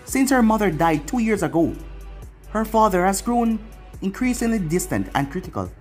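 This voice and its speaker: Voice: medium pitch, very animated, normal speed, soft background music. A narrator reading a fan fiction story aloud, telling it plainly.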